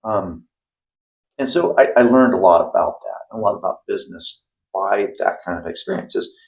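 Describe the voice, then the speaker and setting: A man's voice: low-pitched, normal speed, darkish tone, low-quality recording. A middle-aged man, a former plumber turned investor, talking casually in an interview with lots of fillers and restarts. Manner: rambling, many restarts and fillers.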